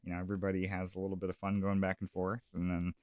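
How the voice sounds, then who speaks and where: Man from South Dakota, very low voice, dry close sound, relaxed rambling talk, lots of ums and uhs. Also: rapid-fire, clear, resonant tone, no echo. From Sioux Falls, South Dakota. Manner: relaxed, rambling with many fillers and restarts. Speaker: comedy and music promoter, guest. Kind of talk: casual radio interview.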